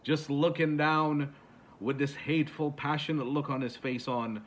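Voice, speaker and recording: A man's voice: on the high side, steady tone, unhurried. Rambling man recapping a countdown. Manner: rambling, with many fillers and restarts. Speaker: YouTuber. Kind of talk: casual countdown retelling.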